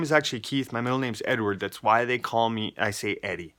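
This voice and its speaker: A man's voice: mid-range voice, brisk, bright, forceful tone. Earnest rambling Midwestern man. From North Dakota, USA. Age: adult with a child. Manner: rambling, emotional, earnest, jumps between stories. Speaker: believer giving a testimony. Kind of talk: casual heartfelt personal testimony.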